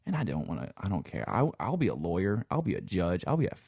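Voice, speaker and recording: A man's voice: low voice, huge pitch swings, fast, vocal fry, darkish tone, husky, dry recording, studio quality. A man from Louisiana with a Cajun accent, chatting casually as a guest and peppering his talk with swearing and "you know". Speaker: guest, sound engineer and musician. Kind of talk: casual interview chat.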